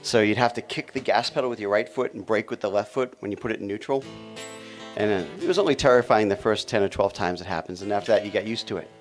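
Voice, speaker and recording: Man, wry storyteller, relaxed tone, faint music behind. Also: lowish voice, quick pace. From Boston area. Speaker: musician guest. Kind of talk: casual storytelling.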